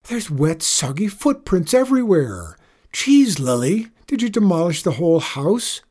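A man voicing a scornful teenage girl in a spoken story, shrill and accusing. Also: big pitch swings, moderate pace, mellow, slightly rough. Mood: indignant. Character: bratty teenage girl, scornful older sister. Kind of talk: audiobook character voice.

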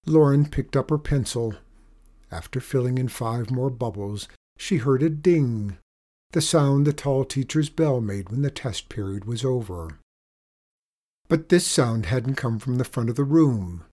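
A man reads a children's story aloud in a steady storytelling delivery. His voice is husky and sits at an average pitch. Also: unhurried. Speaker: narrator.

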